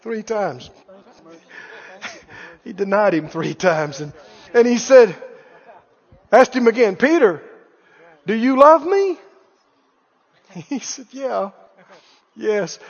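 Male pastor preaching, high lively voice, acts out Bible dialogue, dull reverberant hall recording. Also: unhurried. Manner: animated preaching, acting out Bible dialogue, chuckling. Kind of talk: sermon.

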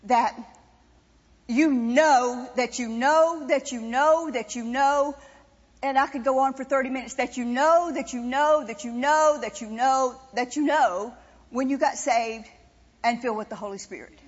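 A woman's voice: high voice, unhurried. A woman preaching a sermon with impassioned, emphatic repetition. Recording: dull sound with long reverb in a hall.

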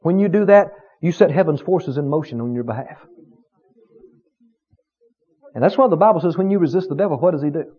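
A male preacher delivers a fervent sermon in a high voice that leaps up and down. He drives home short repeated phrases, then drops low. The recording is dull and lo-fi. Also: animated, a little fast, long pauses, husky.

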